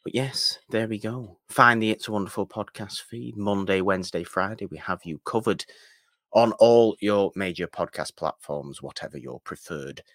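A man co-hosting a podcast, reading out links and plugs in a measured, slightly formal way. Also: lowish voice, fairly bright tone, dry recording, clean studio sound. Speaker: podcast co-host. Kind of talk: casual podcast outro with plugs.

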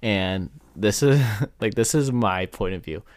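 Laid-back young man, low and dry. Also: animated, measured pace, dry recording. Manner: laid-back, laughs while talking, swears. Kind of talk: casual chat.

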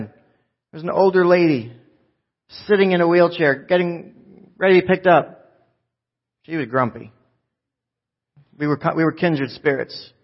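A man preaching a live sermon to a church congregation, joking and swinging from loud bursts to soft, low asides. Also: moderate pace, pauses often, highs cut off. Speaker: pastor.

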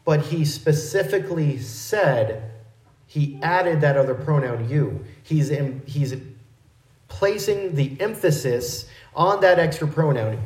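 A male pastor giving an expository sermon in a measured, explanatory teaching manner. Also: a little high, lively intonation, darkish tone, roomy sound, low-quality recording.

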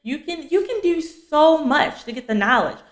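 A woman's voice: high-pitched, expressive, moderate pace. A young woman, hosting a faith podcast for women and teaching casually, blunt and chatty, calling her listeners "y'all.". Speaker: podcast host and fiancée coach. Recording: echoey room.

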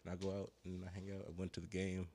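A man rambles through a long story in casual podcast talk. He curses freely, uses a lot of slang, and sounds high. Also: completely flat delivery, fast talker, gravelly, dark tone. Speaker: podcast co-host. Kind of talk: casual chat.

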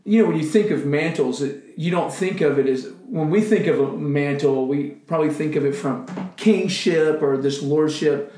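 A man's voice: on the high side, normal speed, mellow, roomy sound. A man sharing an emotional missionary testimony in casual conversation, acting out his own prayers. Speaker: missionary guest.

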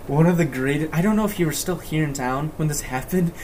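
A teenage boy on a casual podcast, voice pitched a little high, spinning a rambling story full of swearing and laughs. A light hiss runs under the recording. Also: quick pace. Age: teens. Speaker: podcast co-host. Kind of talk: casual chat.

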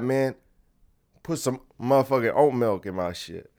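A man's voice: medium pitch, a little slow, mellow. Guy ranting on his podcast, rambling and kinda combative, talks right at you. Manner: rambling, combative, talking to the listener. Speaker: podcast host. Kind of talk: casual comedic rant. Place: home room in a creaky chair.

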